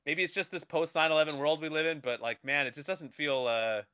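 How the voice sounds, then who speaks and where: A man's voice: a little high, fairly even intonation, brisk, pushed and bright, clean tone, no room sound. A man in his thirties co-hosting a casual movie podcast, rambling and playful. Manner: rambling, restarts, playful impressions. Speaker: podcast co-host.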